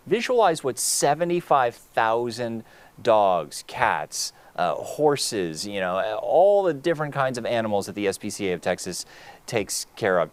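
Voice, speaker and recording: Earnest, rambling male co-host with an animated voice. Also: medium pitch. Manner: earnest, rambling, many fillers and restarts. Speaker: gala co-host. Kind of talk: heartfelt live co-hosting.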